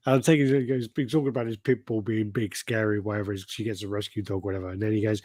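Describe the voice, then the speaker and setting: A man hosting a podcast, chatting casually, swearing freely and retelling comedy bits with lively energy. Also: on the low side, fast talker, few pauses, dry recording, clean studio sound. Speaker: podcast host. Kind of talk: casual chat.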